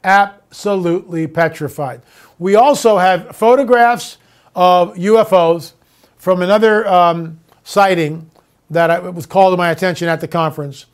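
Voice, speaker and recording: A man hosting his own show, talking straight to viewers in an animated way, moving between sarcastic ranting and storytelling. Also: high-pitched, normal speed, smooth. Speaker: show host. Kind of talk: monologue to viewers.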